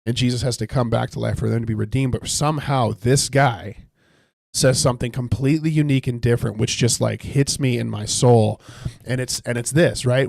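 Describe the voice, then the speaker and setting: Guy with a low gravelly voice chatting thru a bible study while he games, dry close sound. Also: steady tone, fairly quick, dry recording. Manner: conversational, thinks aloud with restarts. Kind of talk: casual Bible teaching while playing a video game.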